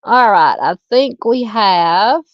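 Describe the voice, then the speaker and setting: A woman's voice: mid-range voice, lively intonation, takes it slowly, dry recording, highs cut off. A woman with a Southern US accent hosting a true-crime live stream, chatting casually and reading out viewer comments. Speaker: livestream host.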